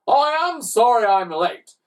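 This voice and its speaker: A man's voice: very high-pitched, very animated, unhurried, recorded from a distance, voice pushed up, heavily acted. A man doing a mischievous talking slime blob.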